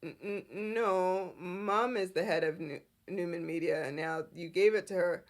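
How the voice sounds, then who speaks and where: A woman's voice: fairly low pitch, pitched below the performer's own voice, lightly acted. A woman voicing a cautious grown son who stammers and hesitates as he corrects his father. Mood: hesitant. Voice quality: halting, stammering.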